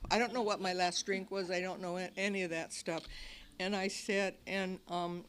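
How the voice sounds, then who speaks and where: A woman's voice: lowish voice, fairly even intonation, moderate pace, slight background noise. A woman telling her recovery story to an audience in a meeting hall, animatedly acting out her past cries and other people's lines. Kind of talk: personal recovery talk to an audience.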